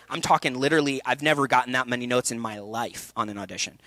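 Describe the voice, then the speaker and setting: A young man speaking candidly at a festival talk, telling a personal story with energy and quick asides. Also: medium pitch, dry recording. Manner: energetic, candid storytelling with laughs and acted quotes. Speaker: actor and speaker. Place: event hall.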